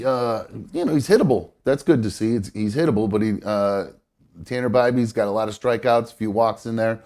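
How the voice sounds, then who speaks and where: A man's voice: fairly low pitch, dark tone. A man hosting a live show, chatting casually about baseball with lots of fillers and restarts, his nose stuffed up. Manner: rambling, many fillers and self-corrections. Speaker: host.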